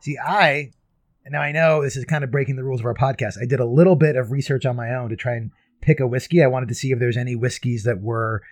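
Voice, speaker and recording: A man's voice: medium pitch, fairly even intonation, fast talker, no room sound, studio quality. A man hosting a casual podcast, chatty and self-deprecating, often breaking into laughter. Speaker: podcast host.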